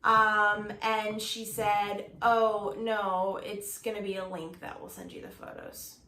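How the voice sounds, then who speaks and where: A woman's voice: medium pitch, little pitch movement, takes it slowly, crowd noise. A young woman chiming in on a shared story with wry, matter-of-fact asides. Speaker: co-host. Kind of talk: casual chat. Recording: roomy, distant mic, faint noise.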